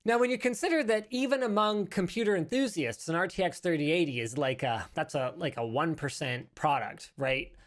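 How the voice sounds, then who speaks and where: A man hosting a casual tech news podcast, talking in an animated, rambling way and correcting himself as he goes. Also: a little high, brisk, few pauses. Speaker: podcast host. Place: studio.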